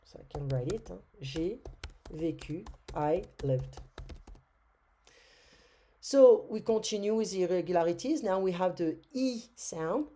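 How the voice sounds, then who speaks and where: A French woman with a French accent teaching a grammar lesson, slow and patient, with many "euh" fillers and repeated words. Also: lowish voice, animated, warm tone.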